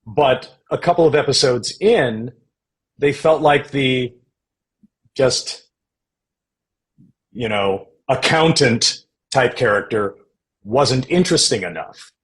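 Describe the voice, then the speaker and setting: A man guest on a podcast, telling stories in a measured, anecdotal way about his acting career. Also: mid-range voice, expressive, poor audio. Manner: anecdotal, measured, uses quoted voices. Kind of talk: relaxed storytelling conversation.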